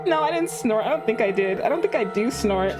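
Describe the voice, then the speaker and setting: A woman's voice: on the high side, expressive, brisk, over music. A young woman streaming a game, chatting casually and animatedly, laughing often and talking to herself. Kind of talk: casual live-stream chat.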